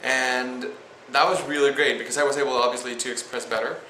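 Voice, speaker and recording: Young guy, spanish accent, bright voice, lots of "like" and restarts, echoey room with faint hiss. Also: mid-range voice, steady tone. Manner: halting, many restarts and "like" fillers. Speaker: student vlogger. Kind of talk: casual vlog chat. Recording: roomy echo with faint noise.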